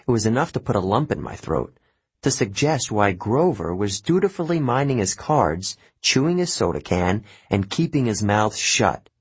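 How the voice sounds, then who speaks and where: Male first-person audiobook reader, husky low voice, lively delivery, dry close recording. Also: moderate pace, no echo. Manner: expressive storytelling. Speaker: audiobook narrator.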